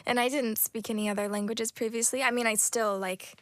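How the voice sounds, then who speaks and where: A young American woman in her twenties, an actress answering interview questions in a soft, thoughtful way with many pauses and restarts. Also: on the high side, steady tone, no room sound, studio quality. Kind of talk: casual interview chat.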